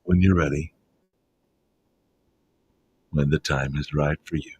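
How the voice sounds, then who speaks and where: A male hypnotist with an accent, guiding listeners gently out of a trance in a slow, soothing manner. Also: very deep voice, steady tone, muffled recording, slight background noise. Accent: regional English accent. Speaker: hypnotist guest. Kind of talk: guided hypnosis induction.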